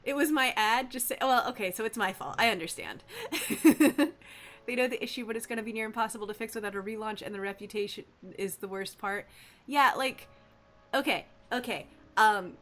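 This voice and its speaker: A woman with a fairly high voice hosts a live game stream, talking casually to her chat. She is animated and playful, reacting quickly to whatever viewers type in.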